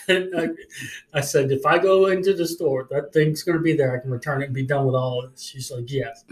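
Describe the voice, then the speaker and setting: Animated storytelling man, roomy sound. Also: a little high, a little fast. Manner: animated, swearing, acts out angry phone calls. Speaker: podcast co-host. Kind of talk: casual storytelling chat.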